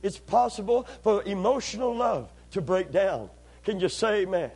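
A man with a high voice preaching to a congregation. He calls out for amens and repeats key phrases. His delivery swings from steady teaching into impassioned, drawn-out shouts. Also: husky. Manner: call-and-response, rising to impassioned shouting. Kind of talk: sermon.

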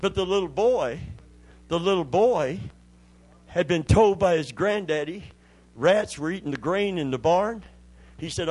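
A man preaching in a folksy, storytelling way, his voice sitting a little high for a man. He spins homespun tales and calls to the congregation for responses. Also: lively intonation, moderate pace, a little mellow, slightly rough, low-quality recording. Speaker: pastor. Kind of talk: sermon.

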